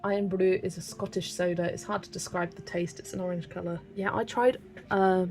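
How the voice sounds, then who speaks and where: Chatty British woman, slightly gravelly. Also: fairly low pitch, little pitch movement, fairly quick, a little mellow, soft background music. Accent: British English. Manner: chatty, giggly, reads out viewer comments. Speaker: colouring channel host. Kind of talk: casual livestream chat while colouring.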